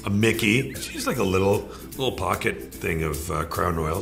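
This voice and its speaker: A man's voice: fairly low pitch, lively intonation, normal speed, creaky, over music. A man, joking through a list of slang words and slipping into folksy voices for the examples. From Canada. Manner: playful, slips into folksy voices for example phrases. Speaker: celebrity in a magazine video clip. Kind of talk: comic explainer of slang.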